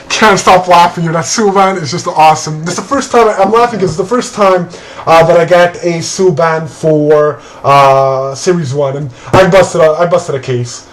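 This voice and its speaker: Man calling out hockey cards, unhurried. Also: a little high, low-quality recording. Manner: calls out player names and teams, laughs often. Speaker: card break host. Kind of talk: casual card-opening commentary.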